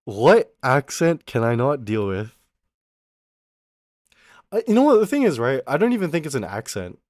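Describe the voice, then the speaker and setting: A man's voice: mid-range voice, wildly swooping pitch, normal speed, darkish tone, no echo, studio quality. A man chatting casually on a live stream, rambling playfully and talking to his chat.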